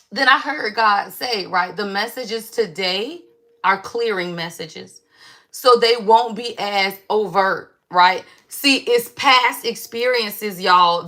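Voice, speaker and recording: Woman spiritual stream host, bright and a bit high, loud, profane, slangy chat. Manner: loud, slangy, profane and animated, often asks "right?" and "y'all". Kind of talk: casual live stream spiritual guidance.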